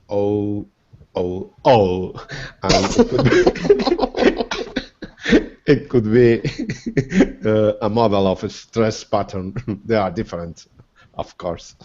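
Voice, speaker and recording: A man's voice: lowish voice, a little mellow, dull audio. A male student answering in an English class, hesitant and searching for words.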